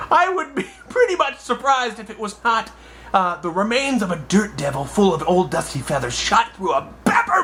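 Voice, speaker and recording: A young man telling a comic personal anecdote in an animated, exaggerated way. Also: high voice, a little hiss or hum. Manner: animated, exaggerated, acts out voices. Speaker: storyteller.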